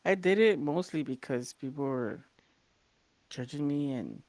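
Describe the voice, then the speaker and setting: Her low-pitched voice moves at a measured pace over a dry recording as she co-hosts a podcast. Telling stories in a casual chat, she animatedly acts out quoted voices and swears offhandedly now and then.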